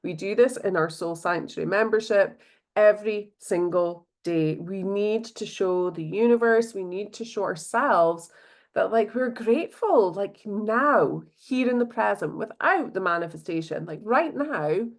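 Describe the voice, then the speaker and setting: A woman's voice: mid-range voice, a little slow. Scottish woman, solo podcast host, casual and bubbly, filler-heavy delivery. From Scotland. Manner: bubbly, chatty, lots of fillers.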